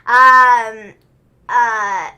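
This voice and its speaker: A young woman co-hosting a casual wrestling review livestream, talking in a bubbly, rambling way and quick to laugh. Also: on the high side, fairly even intonation, sharp tone, highs cut off. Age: young adult. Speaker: wrestling show co-host.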